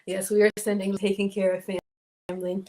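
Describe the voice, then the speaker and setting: A woman's voice: medium pitch, little pitch movement, a little fast, darkish tone. A woman with a Southern US accent, chatting casually with her viewers as a home cook livestreamer. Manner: chatty, addresses viewers as y'all.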